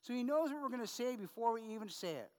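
His voice very high and a little mellow, a middle-aged pastor delivers an animated sermon at a quick pace. He speaks conversationally, keeps asking "right?", and shares humorous personal anecdotes, all echoing with long hall reverb.

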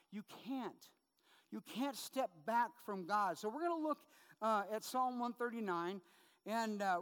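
Male pastor, high voice, chatty sermon with many asides, hall reverb. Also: a bit bright. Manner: conversational, many fillers and rhetorical asides.

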